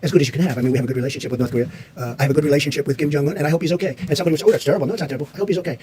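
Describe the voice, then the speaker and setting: A man's voice: fairly high pitch, rapid-fire, a little mellow. A man, the president, answering reporters at a press briefing in a combative, repetitive way.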